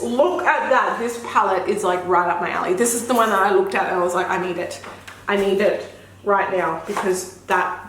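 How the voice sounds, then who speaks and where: A woman's voice: mid-range voice, a bit bright, a little hiss or hum. A young woman and mother, gushing and gasping through a makeup unboxing vlog. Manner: gushing, gasps often, effusive exclamations. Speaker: beauty vlogger and mother. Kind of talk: excited unboxing chat. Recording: echoey room with faint ambience.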